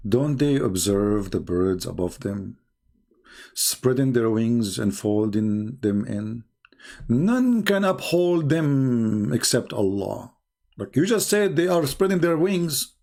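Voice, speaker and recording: A man's voice: medium pitch, very animated, slow pace, vocal fry, a little mellow. A man hosting a live-stream debate, talking in a mocking way and firing off rhetorical questions.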